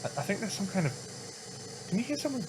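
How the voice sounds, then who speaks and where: A man's voice: high-pitched, big pitch swings, fast, background noise. A man co-hosting a comedy podcast, chatty and enthusiastic as he tells stories. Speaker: podcast co-host. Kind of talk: casual chat turning into comedy improv.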